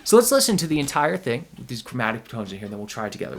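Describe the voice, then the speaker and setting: A man's voice: medium pitch, very animated, very fast, over loud music. A man teaching a ukulele lesson, explaining notes and accents, counting in the beat and singing the sounds of the notes. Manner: counts in and sings note sounds between explanations. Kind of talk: music lesson with counted-in play-along. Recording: ukulele playing in the background.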